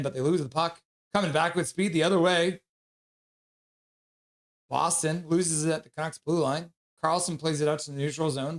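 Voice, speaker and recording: Male streamer, slightly high voice, casual hockey play-by-play, bursts into excited shouts reading chat. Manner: reads chat messages aloud with excited shouts. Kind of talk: casual live-stream commentary.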